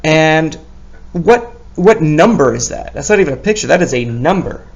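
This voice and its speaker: A man's voice: fairly high pitch, expressive, normal speed, muffled recording. A male teacher giving a recorded spelling lesson for young children, patient and encouraging as he sounds out each letter and praises often.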